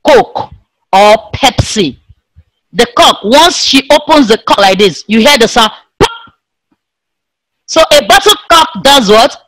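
A woman teaching an online science class to young pupils in a slow, sing-song way, imitating the sounds of animals and objects. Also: a little high, fairly bright tone, no echo, poor audio. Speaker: primary school teacher.

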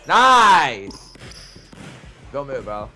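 A young man streaming a reaction, talking casually and excitably, trash-talking his chat and saying "bro" constantly. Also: mid-range voice, very slow, soft background music. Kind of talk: casual livestream reaction talk.

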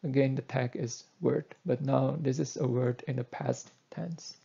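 Male lecturer, slow deliberate coding tutorial, gravelly husky voice, dull lo-fi mic. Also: mid-range voice, steady tone, mellow. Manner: slow, deliberate explaining with fillers. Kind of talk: screen-recorded coding tutorial.

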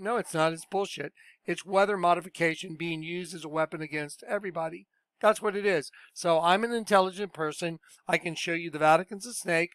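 A high-pitched man rants in a casual, scornful tone. His voice is smooth and clear, and the recording is dry and close. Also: a little fast, a bit bright, no echo. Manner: blunt, scornful, conversational. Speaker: commentator reacting to clips. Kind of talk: casual ranting commentary.

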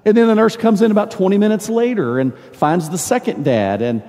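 An older man preaching a sermon as pastor, telling stories in a warm, halting way and repeating words as he searches for them. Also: high-pitched. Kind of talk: sermon with storytelling. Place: large church sanctuary. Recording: long church reverb.

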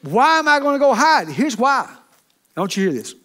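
A man's voice: extremely high pitch, big pitch swings, normal speed, pushed and bright. A middle-aged man, preaching a sermon as associate pastor in a folksy manner, checking in with the congregation often. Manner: folksy, with frequent "okay?" and "amen?" asides to the congregation.

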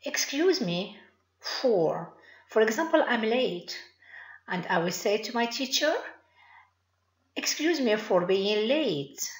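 A woman with a Moroccan accent, a native Arabic speaker, teaching an online English lesson in a slow, deliberate way and praising her learners. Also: on the high side, animated. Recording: roomy echo.

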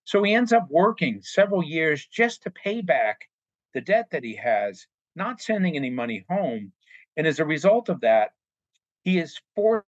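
A man's voice: on the high side, no room sound, dull audio. A man giving an earnest, plain-spoken explanatory talk on forced labor, now and then acting out short quoted exchanges. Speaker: anti-trafficking speaker. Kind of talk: explanatory talk with acted-out dialogue.

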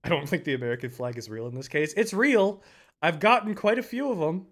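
A young man streaming a game, chatting casually with viewers, laughing often and breaking into loud outbursts. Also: fairly high pitch, animated, fairly quick. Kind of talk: casual live-stream commentary.

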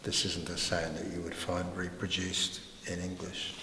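A man co-presenting a pronunciation lesson, comparing sounds in a measured way and listing example words. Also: sits low, monotone, pushed and bright. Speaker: English-speaking co-presenter. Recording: echoey hall, faint background noise.

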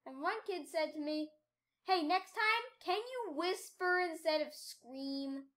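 A young woman streams a game into her desk mic, her high voice breaking into shrieking outbursts between low mutters. The tone is bright and piercing, and she talks at an unhurried pace. This is loud, raw gameplay commentary. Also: animated. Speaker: gaming YouTuber.

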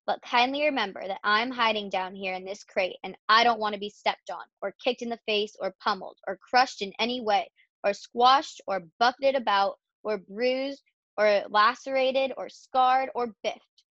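A woman's voice: mid-range voice, moderate pace, fairly bright tone, no echo, highs cut off, close to an everyday voice. A woman voicing a fussy, complaining male barn rat in a storybook.

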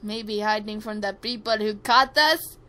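A woman voicing a polite, calm young Indian man from a fan-made game, with an Indian accent. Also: medium pitch, unhurried.

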